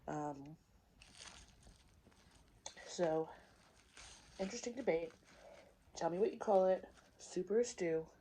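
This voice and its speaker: A woman chatting in a relaxed way as she eats on camera, stopping to take bites and tossing questions at her viewers. Her voice sits a little low and she takes her time. There is a faint hum of a restaurant behind her. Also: takes it slowly, pauses often. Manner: chatty, eating between remarks, asides and questions to viewers. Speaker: vlogger. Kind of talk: casual mukbang chat.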